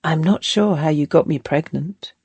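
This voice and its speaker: A woman's voice: deep voice, moderate pace, a little mellow, husky, no room sound, heavily acted. A woman voicing a determined, loving young former slave in a historical audiobook, earnest and reassuring.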